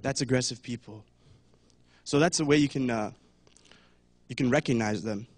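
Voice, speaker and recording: A man's voice: mid-range voice, moderate pace, darkish tone, no room sound. A young man giving a casual talk at church, chatty, with many fillers, and acting out voices now and then. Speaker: church speaker.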